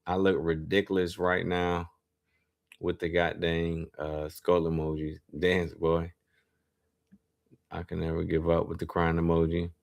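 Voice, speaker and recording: A young man with a deep, gravelly voice streams live, telling his chat a story at a slightly slow pace. He's animated, slangy and profane, and reads chat messages aloud.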